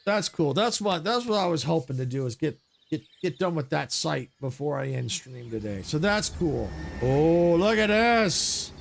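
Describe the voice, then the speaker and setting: A man streaming a video game live, thinking aloud in a casual, excitable way. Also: a little high, moderate pace, creaky, hardly any pauses. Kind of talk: live gameplay commentary.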